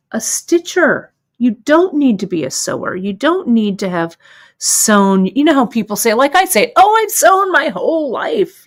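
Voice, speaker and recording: A woman's voice: mid-range voice, darkish tone. A woman hosting a live craft lesson, explaining each step patiently and checking in often with the viewers. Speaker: host demonstrating bead embroidery.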